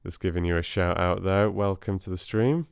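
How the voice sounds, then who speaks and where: Male live-stream host, deep, unhurried, hesitant chat, smooth clear voice. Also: steady tone, dry recording, clean studio sound. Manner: hesitant, many fillers.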